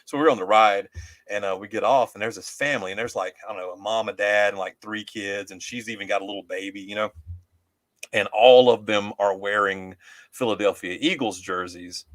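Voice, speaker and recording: Co-host, man, low voice, chatty rambling storyteller. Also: steady tone, brisk, fairly bright tone, dry recording. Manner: rambling, laughs often, many fillers and restarts. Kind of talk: casual storytelling chat.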